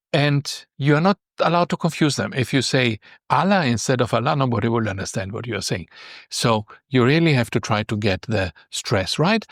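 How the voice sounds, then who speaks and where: Man, language teacher, patient step-by-step explaining, medium pitch, dry close sound. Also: husky, dry recording. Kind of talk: beginner language lesson.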